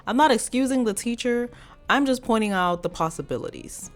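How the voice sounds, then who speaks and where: A woman's voice: a little high, expressive, fairly quick. A woman hosting reaction commentary, blunt and sarcastic as she talks straight at the viewer. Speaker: commentary host.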